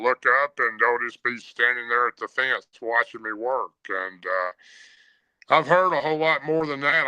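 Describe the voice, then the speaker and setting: A gruff, tough old grandfather speaks bluntly in country talk, as a man quotes him in his story. The voice is sharply bright and crisp. The sound is close and dry. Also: medium pitch, no room sound, poor audio.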